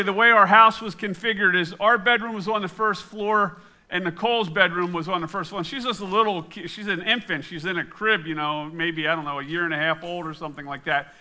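A middle-aged pastor runs a quiz with his congregation and tells an animated story that pokes fun at himself. His voice is high-pitched.

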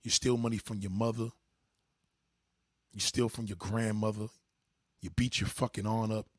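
A man hosting a livestream, delivering a profane, heated rant at his chat and swinging from low mutters to high outbursts. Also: fairly even intonation, normal speed, no echo, clean studio sound. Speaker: livestream host. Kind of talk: ranting monologue to a live chat.

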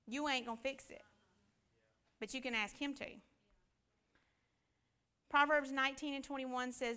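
Bright high-voiced woman teaching Bible class. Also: normal speed, long pauses, clear, resonant tone. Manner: conversational preaching, rhetorical questions.

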